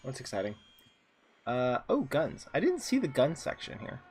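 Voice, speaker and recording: A man talks through his gameplay in a relaxed, chatty way, tossing in jokes and reading on-screen lines aloud. His voice sits in a middling range. Faint game music runs underneath. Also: medium pitch, moderate pace. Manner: chatty, jokey asides, reads game dialogue aloud. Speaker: gaming channel host. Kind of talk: casual gameplay commentary.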